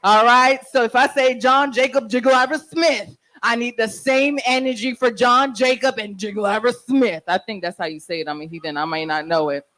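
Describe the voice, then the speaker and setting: A woman's voice: on the high side, moderate pace, few pauses, fairly bright tone, poor audio. A woman hosting an open mic night on the stage of a live venue, talking into a handheld mic with brash, playful banter and some profanity.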